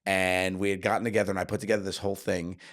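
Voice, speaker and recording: A man, co-hosting a podcast and telling stories in an animated way, laughing often. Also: low voice, rapid-fire. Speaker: podcast co-host. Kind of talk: casual comedic storytelling.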